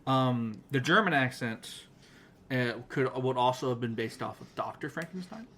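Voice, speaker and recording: A man's voice: medium pitch, lively intonation, normal speed, bright, forceful tone. Male podcast co-host, rambling casual recap, mid-range voice, laughs a lot. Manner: rambling, laughing, with frequent restarts and fillers. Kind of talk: casual chat recapping anime episodes.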